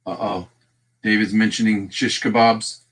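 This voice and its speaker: A man's voice: fairly low pitch, level tone, measured pace, fairly bright tone. A man with a Texan accent hosting a casual livestream, chatting along and greeting viewers by name as he goes. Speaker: livestream host.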